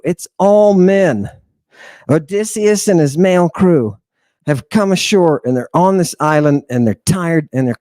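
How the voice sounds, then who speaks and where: Male lecturer, slightly high voice, irreverent and jokey, dry close sound. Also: darkish tone, no echo. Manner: irreverent, joking, talks over himself and restarts. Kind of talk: casual livestream lecture.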